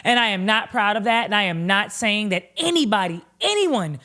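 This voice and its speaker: A woman vlogger recapping reality TV in a casual, animated and blunt way, swearing freely. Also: medium pitch, moderate pace.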